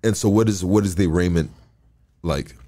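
A man hosts a podcast in a relaxed, casual way, with a low-pitched voice. He asks loose follow-up questions and hesitates here and there as he talks. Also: a little fast. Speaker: podcast host. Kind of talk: casual interview.

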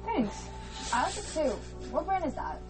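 Woman as high-voiced catty mean girl, condescending, skit, music behind. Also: wildly swooping pitch, moderate pace. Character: snobby, mean popular schoolgirl. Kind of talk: scripted skit acting.

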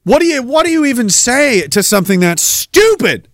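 A man's voice: sits high, big pitch swings, fairly bright tone, dry recording. A man in his thirties hosting a podcast, ranting in a sarcastic, profane way. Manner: sarcastic, profane, fast-shifting rant. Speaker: podcast host.

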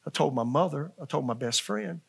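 Earnest older preacher, folksy and plain. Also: male voice, a little high, lively intonation, fairly quick, creaky, husky. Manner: folksy, earnest preaching with repetitions and asides to the congregation. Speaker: pastor. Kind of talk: sermon. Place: church sanctuary.

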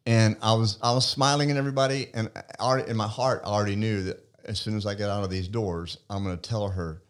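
A man telling his personal story earnestly in a relaxed podcast conversation. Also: on the low side, quick pace. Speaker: guest. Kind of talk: testimony in a faith podcast conversation.

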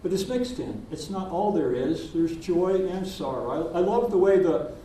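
An older man preaching in a church, telling his story slowly and gently with pauses. His voice is mellow and a bit high for a man. It is picked up from a distance and rings through a reverberant sanctuary. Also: lively intonation, a little hiss or hum. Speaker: minister. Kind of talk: sermon.

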